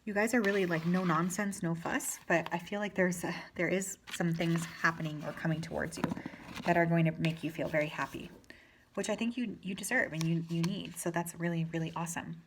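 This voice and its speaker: Soft-spoken woman giving a tarot reading. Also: on the low side, steady tone, a little fast, a little hiss or hum. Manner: gentle, reassuring, chatty with fillers. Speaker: tarot reader.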